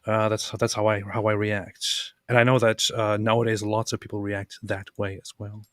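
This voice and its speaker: A man's voice: lowish voice, flat delivery, moderate pace, fairly bright tone, no room sound, clean studio sound. A man in casual conversation, speaking hesitantly with many fillers and repeated words. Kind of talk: casual chat.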